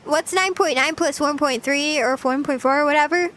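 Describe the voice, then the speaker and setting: A woman's voice: high voice, moderate pace, fairly bright tone, a little hiss or hum. A young woman streaming casual chat, playful and chatty, often giggling as she reads her chat. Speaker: VTuber streamer.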